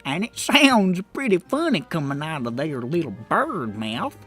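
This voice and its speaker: A woman's voice: sits low, big pitch swings, unhurried, fairly bright tone, slightly rough, faint music behind, voice pushed down, heavily acted. A woman voicing a chatty male pet shop merchant with a drawling, folksy sales patter.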